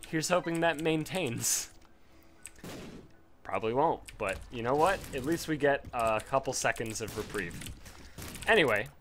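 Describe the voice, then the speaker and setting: A man rambling through casual gameplay commentary, telling a story with lots of swearing and sudden excited jumps in pitch.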